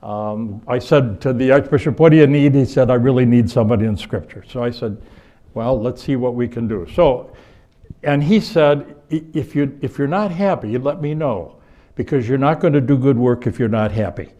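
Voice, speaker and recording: An older American bishop gives a storytelling lecture to an audience in a conference hall, his mid-pitched voice moving at normal speed. He rambles warmly through anecdotes, often restarting and correcting his sentences. The audio sounds dull.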